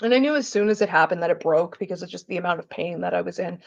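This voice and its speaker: A female vlogger with a lowish, creaky voice talks very fast, telling casual stories while she cooks in her home kitchen. She swears freely and acts out the people she quotes. The sound is lo-fi.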